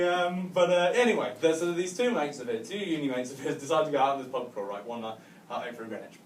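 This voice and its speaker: Rambling stand-up comic from Cumbria. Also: male voice, fairly high pitch, fairly bright tone, roomy sound, distant mic, slight background noise. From northwest England (Cumbria). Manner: rambling, laughing at his own jokes, frequent "right?". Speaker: stand-up comedian. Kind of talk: stand-up comedy storytelling. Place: hotel function room, live audience.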